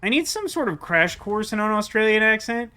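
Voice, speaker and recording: In a sing-song, brisk voice with a sharp tone and mid-range pitch, a streamer chats through a puzzle game. It's casual let's-play talk: rambling, poking fun at themselves, and heavy on fillers like "like."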